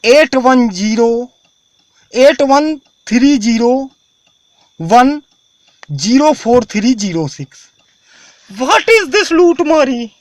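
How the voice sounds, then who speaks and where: A man, talking to camera in a halting, repetitive way that keeps restarting phrases. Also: extremely high pitch, sing-song, no echo. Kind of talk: rambling talk to camera.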